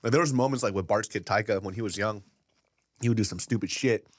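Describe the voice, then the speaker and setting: A man's voice: fairly low pitch, fast, no echo, clean studio sound. A man co-hosting a casual podcast chat, blunt and profane, teasing and laughing often. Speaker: podcast co-host.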